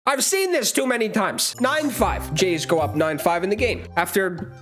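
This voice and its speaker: A man's voice: high voice, lively intonation, normal speed, music in the background. A man hosting his own channel, ranting in a sports reaction vlog, exasperated and rambling, stammering through restarts and swearing. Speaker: channel host.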